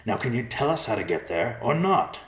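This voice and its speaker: A man's voice: mid-range voice, very animated, a little fast, roomy sound, voice pushed up, close to an everyday voice. A man voicing a hot-tempered young male talking bear who speaks bluntly and impatiently. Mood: irritable.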